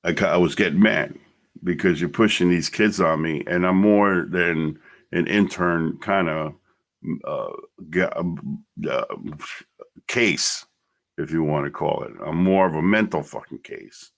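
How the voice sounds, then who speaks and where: A man's voice: low-pitched, unhurried, gravelly. A middle-aged man hosting a podcast, telling his own story bluntly and emotionally, swearing freely. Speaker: podcast host. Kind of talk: personal storytelling monologue.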